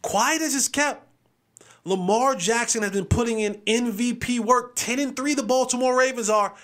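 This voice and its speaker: A man hosting a sports show, giving game picks in a casual, animated and playful way, repeating phrases for emphasis. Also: extremely high pitch, moderate pace.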